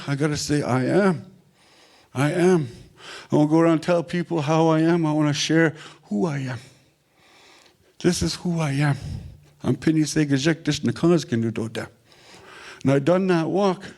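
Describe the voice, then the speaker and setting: A man's voice: on the high side, normal speed, long pauses, a little mellow. A man from Manitoba, giving an earnest, plain-spoken personal talk that often repeats its phrases. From Manitoba, Canada. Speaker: invited speaker.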